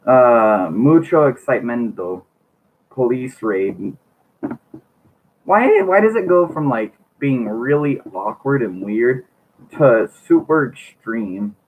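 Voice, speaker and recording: A man's voice: medium pitch, very animated, slow. A man reading a book aloud on his channel, stumbling over words and breaking off for wry joking asides. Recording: tinny lo-fi mic, faint hiss.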